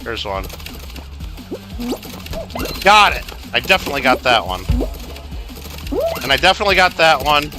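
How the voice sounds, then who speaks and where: A man's voice: medium pitch, big pitch swings, brisk, pauses often, over music. A man hosting a game livestream, chatting casually in a rambling way full of fillers while he plays. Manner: rambling, filler-heavy storytelling with lots of "like". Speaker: livestream gamer host.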